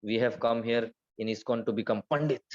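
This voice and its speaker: A man leads a devotional class at a middle pitch, telling stories and acting out the quotes with energy. He chants scripture verses quickly between his explanations. The recording sounds a little dull and lo-fi. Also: darkish tone. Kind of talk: Gita class lecture.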